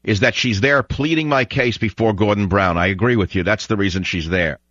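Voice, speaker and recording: A man's voice: on the low side, brisk, a bit bright, dry recording. A man hosting a call-in radio show, ranting in a scornful, blunt way. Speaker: radio talk show host. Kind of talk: call-in talk radio monologue. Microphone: studio broadcast microphone. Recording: dull, dry radio broadcast audio.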